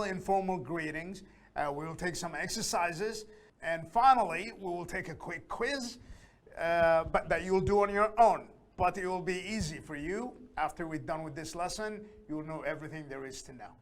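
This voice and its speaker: A man runs an introductory English lesson in a voice that sits high. He goes slowly and carefully, repeating each word so the pronunciation comes through clearly.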